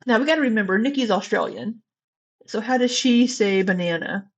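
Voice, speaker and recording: Husky-voiced woman chatting to her chat. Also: a little high, fairly quick. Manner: chatty, teasing, swears, talks to viewers. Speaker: livestream reaction host. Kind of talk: casual live reaction chat.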